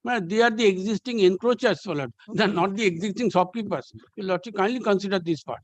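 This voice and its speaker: A man's voice: high-pitched, quick pace, no echo. A man with an Indian English accent arguing as a lawyer in a courtroom, pleading insistently with many restarts. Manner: insistent, pleading, filler-heavy with repeated restarts. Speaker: lawyer arguing before a judge. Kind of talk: courtroom argument.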